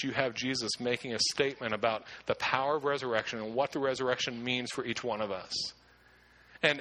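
Bright-voiced male pastor preaching. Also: medium pitch. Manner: earnest, emphatic preaching with frequent restarts. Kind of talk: sermon.

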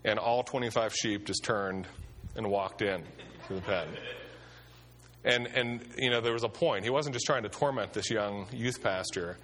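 A man's voice: on the low side, moderate pace, a bit bright, a little hiss or hum. Conversational male pastor preaching. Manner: conversational storytelling with fillers. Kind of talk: sermon.

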